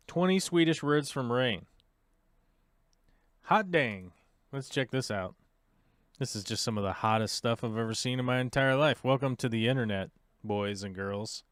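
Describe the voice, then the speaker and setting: Playful livestream host with a smooth voice. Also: male voice, medium pitch, normal speed, pauses often, no echo, studio quality. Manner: playful, thinks aloud, jokes at himself. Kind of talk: casual livestream chat.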